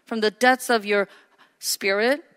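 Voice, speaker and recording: A woman pastor delivers an emphatic sermon, repeating her phrases and calling for amens. Her medium-pitched voice is steady, measured, a bit bright, clear, and resonant. The recording sounds like an echoey hall with long reverb.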